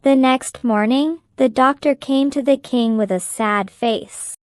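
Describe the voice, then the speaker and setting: Slow, clear woman reading a story. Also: high voice, darkish tone, no echo, studio quality. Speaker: narrator. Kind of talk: slow graded-reader story narration.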